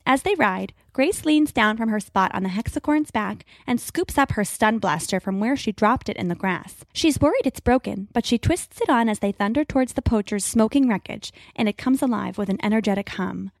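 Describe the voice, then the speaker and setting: A woman's voice: a little high, expressive, moderate pace, hardly any pauses, no echo, studio quality. A woman storyteller giving a vivid, dramatic scripted narration of an adventure story.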